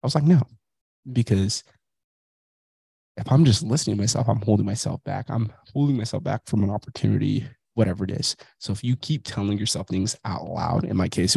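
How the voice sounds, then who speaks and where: The recording is dry, capturing a fairly low, slightly rough and somewhat mellow male voice with vocal fry, moving at a fairly quick clip. He's a podcast host in his thirties with a migraine, reflecting on himself in a blunt, profane, casual motivational monologue.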